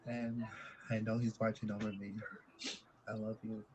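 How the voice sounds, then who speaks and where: A man, a contestant, telling a personal story in a halting, soft-spoken way with many pauses. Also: fairly low pitch, little pitch movement, highs cut off, noisy background.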